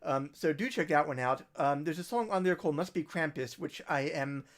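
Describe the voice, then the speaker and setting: A musician hosting a livestream, chatting casually and rambling through recommendations with soft trailing asides. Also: male voice, a little high, normal speed.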